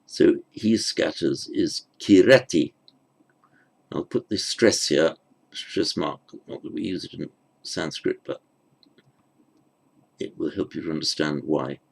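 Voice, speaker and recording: A man's voice: a bass voice, takes it slowly, creaky, pauses often. A man giving a grammar lecture, thinking aloud with fillers and self-corrections. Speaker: teacher.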